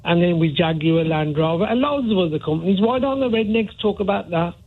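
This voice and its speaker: A man's voice: high voice, animated, fairly quick. A male caller with a Black Country accent, chatting on a radio phone-in and checking in often with "yeah?" and "right?". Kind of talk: phone-in call. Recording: phone line.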